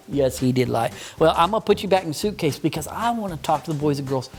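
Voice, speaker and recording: A man's voice: a little high, expressive, a little fast. Guy telling a bible story to kids, keeps shushing the puppet, faint music under it. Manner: patient, mock-stern with the puppet. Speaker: children's ministry teacher.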